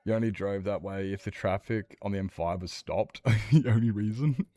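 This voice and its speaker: Sweary Australian man with a low voice. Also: normal speed, no echo. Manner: sweary, rambling and animated. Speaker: streamer. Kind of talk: casual chat while gaming.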